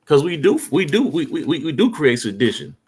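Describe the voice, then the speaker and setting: A man's voice: fairly high pitch, very animated, husky. A man preaching and reading scripture aloud, asking rhetorical questions and tagging his lines with "man.". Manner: reads verses slowly, asks rhetorical questions, tags lines with "man". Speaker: street preacher.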